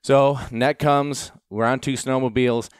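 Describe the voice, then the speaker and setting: A man who trains gundogs, casually telling a long story in an animated, self-deprecating way, with lots of fillers. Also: medium pitch, a little slow, clean tone, no echo, studio quality.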